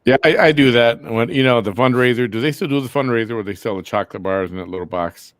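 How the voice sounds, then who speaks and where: A man's voice: medium pitch, quick pace, dry recording, studio quality. A man hosting a casual podcast, talking in an easygoing, earnest way. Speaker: host.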